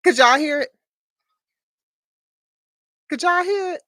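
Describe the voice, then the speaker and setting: A woman hosts a live stream with a bright, fairly high voice that swings widely in pitch. She takes her time, talks straight to her viewers and laughs often, on a dry, close recording. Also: animated, slow, no echo. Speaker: livestream host.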